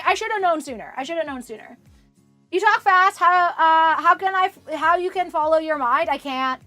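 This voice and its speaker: A woman's voice: very high voice, normal speed, bright, forceful tone, soft background music. A Canadian woman in her twenties chatting casually with her stream viewers, rambling and self-deprecating with the odd swear word. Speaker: livestreamer. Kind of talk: casual chat with viewers while sewing.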